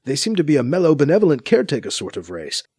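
Man voicing a male commander, telepathic, wry, authoritative, lively pitch, dry audiobook sound. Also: fast talker, breathy edge, no echo, full character voice. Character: calm, knowing male base commander with telepathy.

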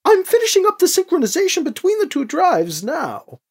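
Brief: narrator putting on an upbeat male engineer, clearly higher and brighter, chirpy and a bit naive. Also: huge pitch swings, fairly quick, full character voice. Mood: cheerful.

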